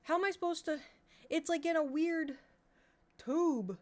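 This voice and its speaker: A woman's voice: very high-pitched, measured pace, a little mellow. A woman streamer, rambling in casual chat to her viewers and cursing now and then. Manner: rambling, restless, swears casually.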